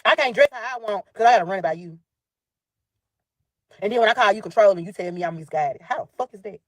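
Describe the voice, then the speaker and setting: A woman's voice: medium pitch, animated, fast, no echo. Heated profane Southern woman venting. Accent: Southern US (Memphis). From Memphis, USA. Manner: heated, profane, addresses listeners as y'all. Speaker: storyteller telling about her ex. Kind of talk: angry venting monologue.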